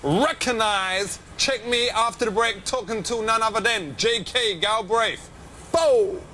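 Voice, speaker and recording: A cocky young wannabe street rapper in a television comedy promo. He talks in swaggering slang with a bright, forceful sound. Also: high-pitched, unhurried, slight background noise. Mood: boastful.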